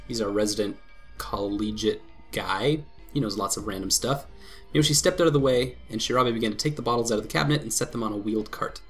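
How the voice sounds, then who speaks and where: A man hosting a let's play, reading a visual novel aloud with quick laughs and commentary. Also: mid-range voice, soft background music. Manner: lively reading broken by laughs and asides.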